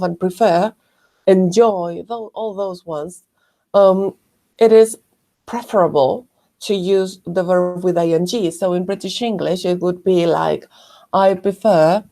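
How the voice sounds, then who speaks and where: A woman teaching an English grammar lesson, explaining slowly and carefully and correcting herself often. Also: lowish voice, mellow. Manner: slow, careful explanations with frequent self-corrections.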